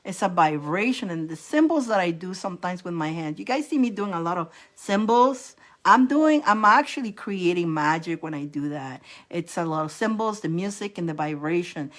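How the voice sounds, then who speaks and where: A woman giving a casual, rambling spiritual pep talk to her viewers, often restarting and repeating phrases. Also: on the low side. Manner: rambling, animated, laughing at herself. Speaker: spiritual coach and reader.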